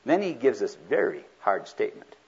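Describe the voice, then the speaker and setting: A male preacher giving a sermon, lively and acting out the people he quotes. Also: medium pitch, normal speed, vocal fry, breathy edge. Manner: animated, acts out quoted speakers. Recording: dull lo-fi recording.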